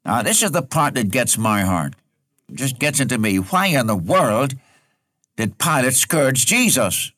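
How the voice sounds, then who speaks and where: A man preaching a sermon, earnest and repetitive, slowing down to quote scripture for emphasis. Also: mid-range voice, sing-song, bright, forceful tone, dry recording, clean studio sound.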